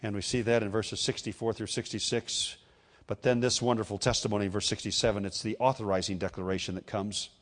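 A male pastor delivers a sermon at a quick pace in a lowish voice, his intonation fairly even. His loudness swells and drops suddenly, and he breaks off for conversational asides to the congregation.

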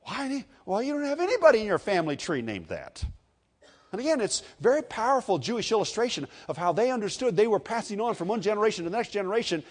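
A pastor with a high male voice preaches a sermon, his loudness suddenly swelling and dropping. He also makes conversational asides to the congregation.

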